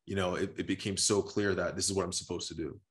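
Low-voiced man, reflective and casual. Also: fairly even intonation, fast talker, a bit bright. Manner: reflective, filler-heavy. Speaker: retreat guide. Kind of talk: casual conversation.

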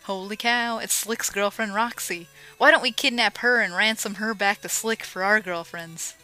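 A woman giving casual, joking commentary over a retro game she is playing, with sarcastic asides and excited yelps. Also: medium pitch, moderate pace, faint music behind, rough recording. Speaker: let's play commentator. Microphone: home microphone.

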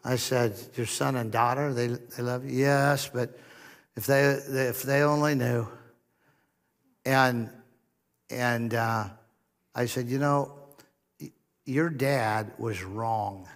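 A man's voice: medium pitch, steady tone, takes it slowly, pauses often. Man, pastor, sermon, middle-aged, storytelling, long reverb from a church hall. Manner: storytelling with humor and soft-spoken quoted dialogue.

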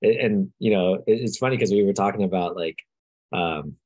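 A man co-hosting a casual podcast chat, mostly chiming in with short words of agreement. His voice is very low and husky, and the recording is dry and close. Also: normal speed, darkish tone, no echo, dull audio. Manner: brief agreeing interjections.

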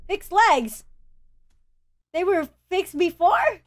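A young woman commenting as she plays a video game, excitable, shrieking and groaning as she wins and fails. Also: very high-pitched, drawn-out words, a little hiss or hum. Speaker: gaming YouTuber. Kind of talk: let's play commentary.

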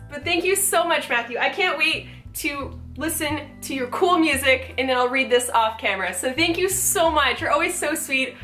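A woman vlogger opening fan mail at home, gushing and excitable, swearing casually, recorded with roomy echo. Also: sits high. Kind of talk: casual chat.

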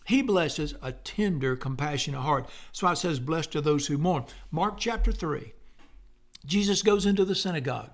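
A middle-aged man preaches in a fervent, homespun way. His voice sits a little high for a man, and he bursts into loud exclamations between plain, conversational stretches. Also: lively intonation, normal speed. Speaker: pastor. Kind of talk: sermon.

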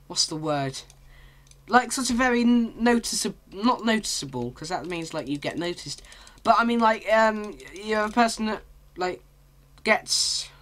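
A British man commentating his own video game play, rambling and hesitant, breaking into excited yelps. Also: high-pitched. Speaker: gaming channel host.

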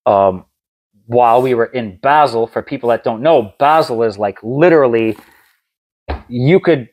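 A man's voice: mid-range voice, a little slow, darkish tone. A man hosting a podcast, telling a long story in casual chat with lots of fillers and restarts. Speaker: podcast host.

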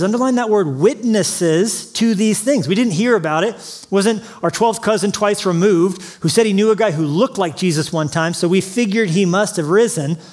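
Man, pastor, lively joking sermon, high voice, church auditorium. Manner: humorous, storytelling preaching with acted-out quotes.

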